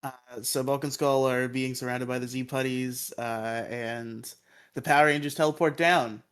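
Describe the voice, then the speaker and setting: A man in relaxed podcast chat, walking through a plot with frequent laughter. He throws in goofy voices when he quotes characters. His pitch sits right in the middle. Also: normal speed, smooth. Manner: laughs often, acts out quotes in silly voices. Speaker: podcast co-host recapping episodes. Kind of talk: casual chat, episode recap.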